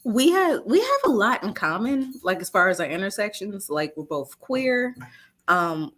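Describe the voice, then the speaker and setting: Animated woman telling stories, giggling. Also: mid-range voice, moderate pace. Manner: acts out other people's lines in shifting voices. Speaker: interview guest. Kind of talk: casual storytelling interview.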